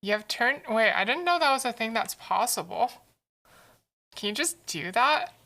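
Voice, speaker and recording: A woman's voice: on the high side, expressive, moderate pace, pushed and bright. A woman streamer chatting casually while she draws, answering chat messages aloud in a playful, teasing way.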